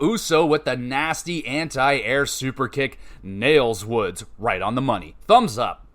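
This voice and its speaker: Chatty man recapping wrestling. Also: a little high. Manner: chatty, recaps matches and gives scores with offhand asides. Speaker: podcast host.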